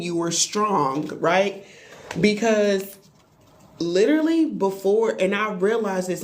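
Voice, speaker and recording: A woman tarot reader chatting on a live stream, animated and playful, talking straight to her viewers. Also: on the low side. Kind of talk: live-stream spiritual reading chat.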